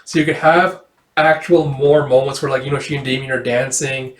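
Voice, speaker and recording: A man casually reviewing a manga chapter, rambling with lots of fillers and quick laughs. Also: mid-range voice, fairly even intonation, a bit bright, reverberant. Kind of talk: casual commentary.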